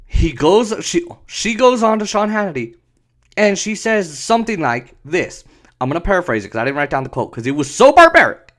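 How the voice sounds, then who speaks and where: A man's voice: high-pitched, big pitch swings, brisk, fairly bright tone. A man hosting a podcast, ranting sarcastically with profanity and laughter. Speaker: podcast host. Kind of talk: ranting commentary.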